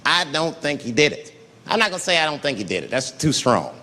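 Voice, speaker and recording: Animated profane male stand-up comic. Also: on the high side, brisk, heavy background noise. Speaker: stand-up comedian. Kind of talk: stand-up comedy. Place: comedy venue on stage. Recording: live club recording, reverb, audience laughter.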